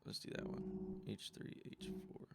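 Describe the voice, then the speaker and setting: A man giving casual, jokey commentary while playing a game, talking back to it and reading out codes. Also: normal speed. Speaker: let's play gamer. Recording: loud background noise with clicks.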